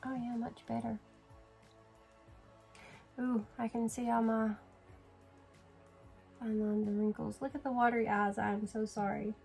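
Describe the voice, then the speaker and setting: Sleepy chatty woman with a gravelly voice. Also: a little high, level tone, a little slow, long pauses, darkish tone, faint music behind, poor audio. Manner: chatty, yawning, apologetic, laughs often. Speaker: beauty vlogger. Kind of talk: casual makeup tutorial chat.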